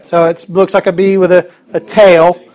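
High-voiced upbeat man teaching a class. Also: level tone, normal speed, a little mellow. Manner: upbeat, chatty, joking asides. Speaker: Greek teacher. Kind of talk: classroom lesson.

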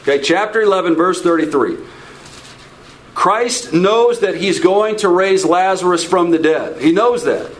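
A man with a notably high voice leads a conversational Bible study. He talks loosely, restarts his phrases and keeps checking in with his listeners by asking "okay?" and posing questions to the group. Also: lively intonation, unhurried, rough recording. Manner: informal, repeats words, checks in with "okay?"; asks the audience questions. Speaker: Bible teacher.

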